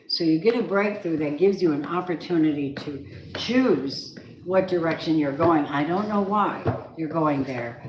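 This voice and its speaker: A woman's voice: deep voice, a little mellow, a little hiss or hum. Lady doing tarot for the signs, chatty and blunt, roomy echoey sound. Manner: chatty, blunt, emphatic, speaks straight to the viewer. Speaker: tarot reader. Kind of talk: weekly tarot reading for zodiac signs.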